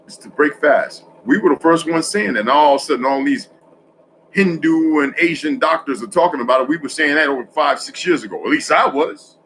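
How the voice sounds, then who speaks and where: A man's voice: on the high side, a little fast, slight background noise, low-quality recording. Rambling man in a casual monologue. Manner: rambling, self-correcting, swinging between loud and hushed.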